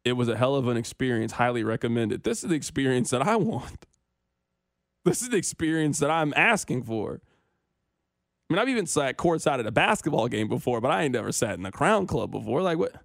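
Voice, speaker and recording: A man's voice: medium pitch, big pitch swings, brisk, gravelly, no room sound. A young man hosting a sports talk radio show, bantering and complaining in a playful, self-mocking way into a studio microphone.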